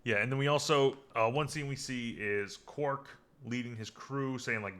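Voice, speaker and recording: A man's voice: mid-range voice, moderate pace, a bit bright. A man hosting a podcast, casually recapping a TV episode in a rambling way, full of fillers and restarts. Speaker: podcast host.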